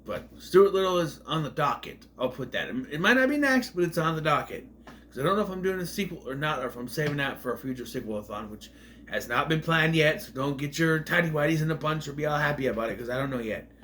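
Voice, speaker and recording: A man's voice: a little high, animated, fast talker, a bit bright, a little hiss or hum. A man casually reviewing a movie on video, rambling off on tangents.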